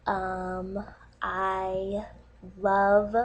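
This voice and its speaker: Woman on a dating vid, high voice, slow halting um-filled talk, teary, faint music under it. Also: fairly even intonation. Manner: hesitant, halting, many fillers. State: emotional, close to tears. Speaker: online dating video maker. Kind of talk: nervous dating video monologue.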